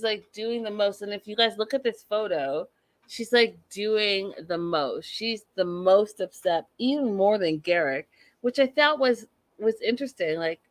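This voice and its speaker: Hosting a live TV recap, this woman reacts to the live chat in an animated, casual way, packed with fillers and side comments. Her voice is medium in pitch and a bit bright, with no room sound.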